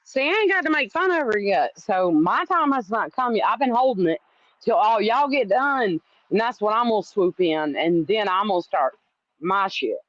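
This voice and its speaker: A middle-aged woman hosting her channel, talking casually in a loud, profane, teasing way. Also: medium pitch, lively intonation, moderate pace, no room sound, lo-fi sound. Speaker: channel host. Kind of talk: casual chat.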